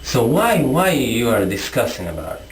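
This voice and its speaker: Male vlogger, combative rant to camera, lively swinging pitch, echoey room. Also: normal speed, slight background noise. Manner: confrontational, repetitive, rhetorical questions. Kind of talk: impassioned monologue to camera.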